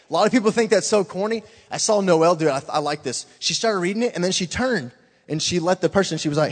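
A man giving an informal, earnest testimony to a church congregation, excitedly urging them on and filling his talk with "man". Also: sits high, fast talker, long reverb tail.

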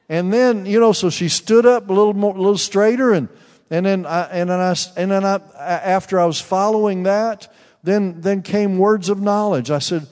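A fervent male preacher tells a testimony and speaks to people in the room. His voice sits a little high and trails into a long reverb. He often restarts his sentences. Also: moderate pace, a little mellow. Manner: fervent, many restarts, direct address to listeners. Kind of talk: sermon with personal testimony. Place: church sanctuary. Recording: long reverb in a large hall.

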